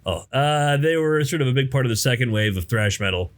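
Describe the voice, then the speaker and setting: A man's voice: mid-range voice, animated, fairly quick. A man co-hosting a music podcast in casual chat, laid-back and blunt. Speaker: podcast co-host.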